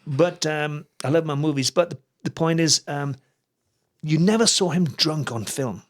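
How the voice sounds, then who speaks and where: A man's voice: fairly high pitch, moderate pace. A man with a Geordie English accent, a guest musician chatting casually in an interview, rambling off on tangents and laughing often. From England.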